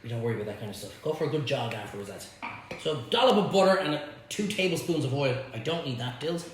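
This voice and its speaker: A man's voice: medium pitch, animated, quick pace. A man hosting a live cook-along, chatty and blunt, bantering with viewers as he cooks. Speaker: cooking show host. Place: home kitchen. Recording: echoey kitchen, faint hum.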